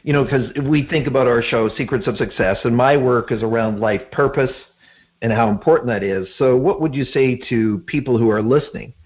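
A man hosting an interview who asks halting, reflective questions and murmurs agreement. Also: medium pitch. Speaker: podcast host. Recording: dull lo-fi sound.

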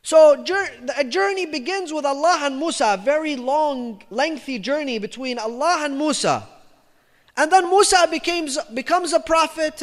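A man giving a storytelling religious lecture, emphatic and repetitive, dropping his voice low for quoted lines. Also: a bit bright. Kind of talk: storytelling sermon. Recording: reverberant lecture hall.

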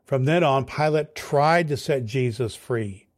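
A male pastor reading a scripture passage aloud in a steady, clear way. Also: mid-range voice, a little slow.

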